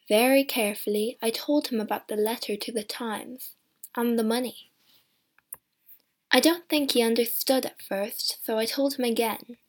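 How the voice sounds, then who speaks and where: A woman reading a story aloud as scripted narration, slow and measured. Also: fairly high pitch, steady tone. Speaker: audiobook reader.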